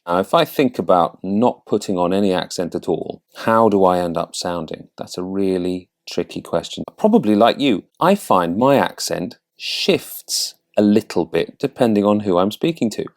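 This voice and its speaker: A man's voice: deep voice, animated, moderate pace, hardly any pauses. A man accent coach, raised in Canada, speaking neutral British English in a reflective, easygoing talk to camera. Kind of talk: talking to camera.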